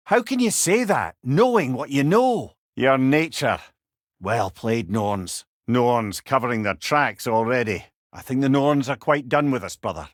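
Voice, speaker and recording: Wry, counseling sidekick head for game lines, animated delivery, dry studio sound. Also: male voice, mid-range voice, no echo. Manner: familiar, calls listener brother and lad. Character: wise, wry older male advisor, a talking head. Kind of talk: video game voice acting.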